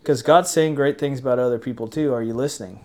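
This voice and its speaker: A man in his thirties with a mid-range voice, chatting as a guest on a podcast. He talks earnestly about faith and family, in a relaxed, conversational way. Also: mid-range voice, quick pace. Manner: earnest, faith-focused talk. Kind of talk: casual chat.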